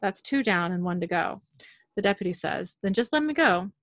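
A woman's voice: mid-range voice, animated, normal speed, dry recording. A woman casually recapping a TV episode, narrating scenes and quoting characters' lines in her own voice. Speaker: podcast host recapping an episode.

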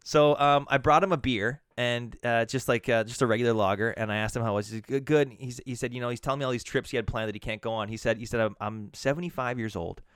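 A man, a bartender and podcast co-host, telling a profane, animated story with frequent restarts. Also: mid-range voice, quick pace, hardly any pauses, clear, resonant tone, dry recording, clean studio sound. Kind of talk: casual chat.

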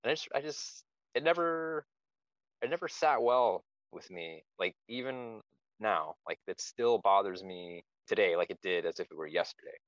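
A man's voice: fairly low pitch, animated, moderate pace, a bit bright, no room sound. A man telling a war story in casual podcast chat, blunt and plain-spoken. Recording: dry, slightly dull lo-fi audio.

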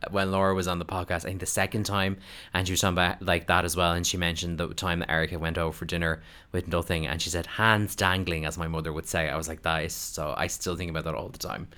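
A man hosting a casual podcast chat, upbeat and quick to laugh as he asks long questions. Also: deep voice, level tone, sharp tone. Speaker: podcast host.

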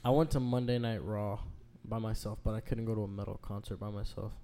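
A man's voice: lowish voice, fairly even intonation, a little fast, dark tone, smooth. A man in his early twenties in a casual chat, asking follow-up questions and swearing lightly. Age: 20s.

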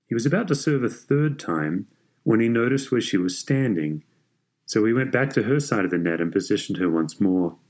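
A man reading a story aloud in a measured, even way. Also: lowish voice. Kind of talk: scripted story narration.

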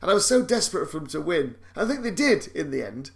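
A man's voice: fairly high pitch, very animated, fast, creaky. A man co-hosting a casual chat, wry and self-mocking, often laughing.

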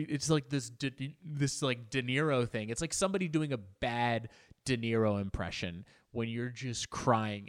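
A young man talks straight to camera in an easygoing vlog. His voice sits at a medium pitch. He rambles, stumbles over his words, and pokes fun at himself as he goes. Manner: rambling, animated, self-mocking humor with frequent restarts. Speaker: vlogger. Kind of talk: casual talking-to-camera vlog.

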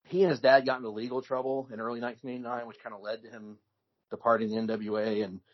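Husky-voiced man chatting casually. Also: mid-range voice, fast talker. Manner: relaxed storytelling with frequent restarts. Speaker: podcast co-host. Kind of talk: casual chat. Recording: dull lo-fi recording.

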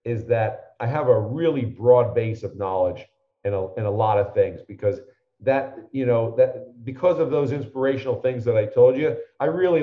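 A man's voice: mid-range voice, echoey room, dull audio. A man in his fifties telling long anecdotes in conversation, acting out the people he quotes. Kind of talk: conversational storytelling.

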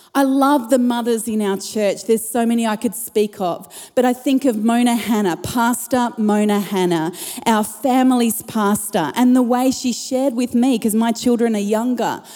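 High-voiced woman preaching. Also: mellow. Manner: passionate preaching with rising emphasis. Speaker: pastor. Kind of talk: sermon. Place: church auditorium. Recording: long hall reverb.

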